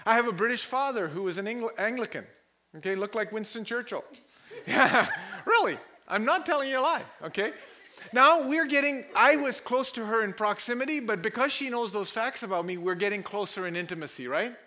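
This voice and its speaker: Animated, bright-voiced male pastor preaching. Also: very high-pitched, fairly quick. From Pakistan. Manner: animated storyteller, laughs often, mimics voices. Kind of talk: sermon with personal stories.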